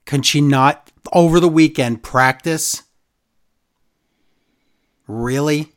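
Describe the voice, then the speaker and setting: A man's voice: a little high, slow. A man co-hosting a casual wrestling recap chat, sarcastic and exasperated. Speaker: podcast co-host.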